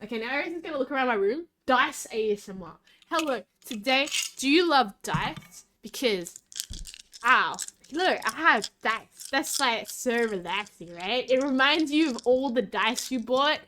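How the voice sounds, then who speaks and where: A young woman streaming and chatting casually, rambling with lots of "like" and dipping into loud whispers. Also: on the high side, expressive, normal speed, a little hiss or hum. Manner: rambling, giggly, full of "like". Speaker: vtuber streamer. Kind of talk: casual livestream chat.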